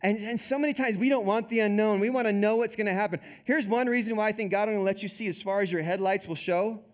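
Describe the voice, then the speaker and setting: A male pastor preaching a sermon in a conversational, animated way, often saying "like.". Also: high voice, fast.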